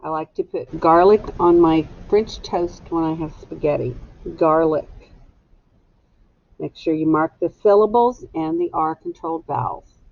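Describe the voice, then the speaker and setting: A woman's voice: low voice, lively intonation, creaky, highs cut off. A woman teacher dictating a spelling test to young students, sounding out each word syllable by syllable. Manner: slow, deliberate, sounds words out syllable by syllable.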